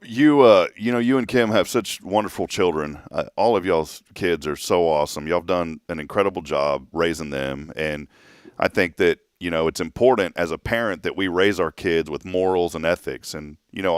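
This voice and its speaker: A man in his thirties chatting casually as a show host, telling a family story with lively laughs. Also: sits low, normal speed, smooth, dry recording, studio quality. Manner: storytelling, animated, laughs often. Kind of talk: casual chat.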